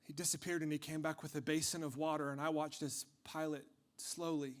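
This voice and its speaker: A man delivering a dramatic first-person storytelling monologue, impassioned, swinging from hushed tones to shouting. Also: a little high, flat delivery, brisk.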